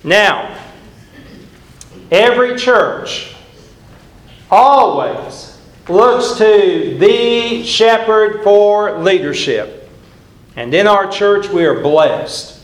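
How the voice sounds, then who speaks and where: In an echoing church sanctuary, an older male preacher gives an earnest, emphatic sermon built on repeated phrases. His high voice is animated yet moves slowly and deliberately.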